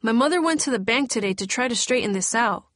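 A woman's voice: fairly high pitch, expressive, fast, fairly bright tone, dry recording, studio quality, pitched above the performer's own voice. A woman voicing a frightened teenage girl who pleads in urgent, rising questions. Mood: upset, pleading.

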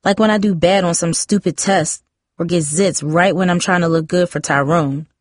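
A woman reading a novel aloud, voicing a defensive, chatty fourteen-year-old girl with high, emphatic outbursts. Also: steady tone, normal speed, dry recording, clean studio sound, close to an everyday voice. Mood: frustrated.

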